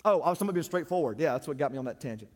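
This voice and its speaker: A man preaching as a pastor, plain-spoken and direct, his delivery swinging between loud emphatic lines and hushed ones. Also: on the high side, animated, racing. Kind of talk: sermon. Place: church. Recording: long reverb of a church hall.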